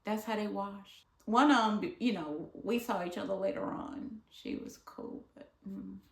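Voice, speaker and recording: A woman from Michigan telling a casual storytime, acting out the people she quotes and at times dropping to a hush. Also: mid-range voice, measured pace, creaky. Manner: animated, dramatic retelling with voiced quotes; drops to hushed near-whispers at times. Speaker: vlogger. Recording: echoey room.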